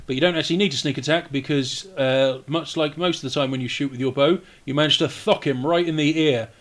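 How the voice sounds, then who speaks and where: Swearing, jokey dungeon master. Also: male voice, fairly high pitch, fairly quick. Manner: relaxed, jokey, swears casually. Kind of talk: running a live tabletop game.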